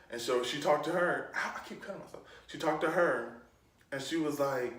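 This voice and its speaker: A young man telling a storytime vlog story, animated and jumping into different voices for the people he quotes. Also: a little high, fast, far from the mic. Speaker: YouTube storyteller. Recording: roomy echo, off from the mic.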